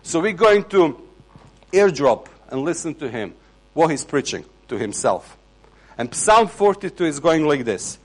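A man with an Eastern European accent giving a sermon in plain, conversational English with halting, non-native phrasing. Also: fairly high pitch, big pitch swings. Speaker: preacher.

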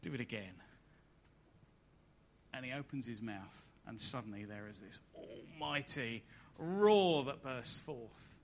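A man preaching a sermon at a church service, building to loud emphatic peaks and then dropping soft and low. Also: a little slow, hardly any pauses, a little hiss or hum.

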